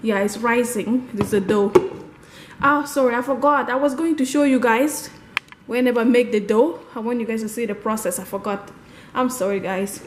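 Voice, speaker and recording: Woman vlogger, rambling chatty talk, slightly high voice, casual home kitchen. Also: slight background noise. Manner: chatty and rambling, often laughing. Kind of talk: casual life-update vlog.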